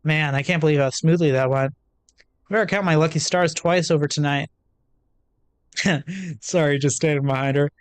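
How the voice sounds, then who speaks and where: A woman streaming a game, chatting casually and making fun of herself. Her voice is on the low side for a woman, and the sound is close and dry with no room around it. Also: normal speed, pauses often, no room sound. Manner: playful, self-mocking. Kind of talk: casual gameplay commentary.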